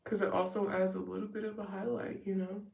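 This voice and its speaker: A woman's voice: medium pitch, little pitch movement, brisk, gravelly, a little mellow. A woman vlogger chatting casually while doing her makeup, rambling with wry asides. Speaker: vlogger doing a live get-ready stream. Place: at home getting ready. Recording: roomy sound from a distance.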